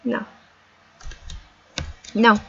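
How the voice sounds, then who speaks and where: A woman's voice: extremely slow, pushed and bright. A middle-aged woman vlogger giving an earnest, emphatic motivational talk, repeating her points for stress. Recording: dull lo-fi sound.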